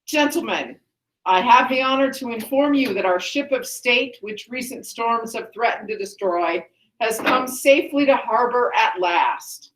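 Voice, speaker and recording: A proud, stern king declares his rule in a formal, declaiming manner, as a woman teacher reads him aloud. The voice sits fairly high and rings in an echoey classroom. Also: a little slow, slight background noise, natural voice. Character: proud, stern new male king addressing elders.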